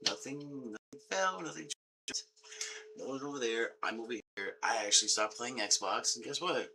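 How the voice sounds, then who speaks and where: A man's voice: medium pitch, normal speed, creaky, sharp tone, slight background noise. A young man in a casual, exasperated rant, swearing often, repeating himself and calling everyone bro.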